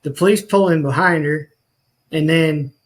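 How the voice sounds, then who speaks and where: A man's voice: a little high, moderate pace, rough recording. A man, a podcast guest telling his life story in an earnest, rambling way with many restarts. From rural northwest Missouri.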